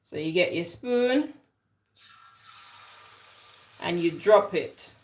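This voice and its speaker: In her home kitchen, a woman from London hosts a chatty live cooking stream, slow-paced and teasing her viewers. Her voice is lowish and animated, captured by a tripod-mounted camera.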